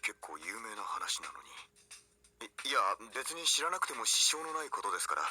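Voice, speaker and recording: A man's voice: medium pitch, sing-song, very fast, sharp tone. An actor playing an earnest, loyal young male aide in an anime-style game, polite and easily flustered.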